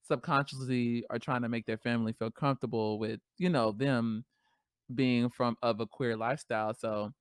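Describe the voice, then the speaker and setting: Animated slangy woman podcaster, dry sound. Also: very deep voice, normal speed, smooth, no echo. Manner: animated, slangy, laughs often. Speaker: podcast host. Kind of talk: casual solo podcast chat.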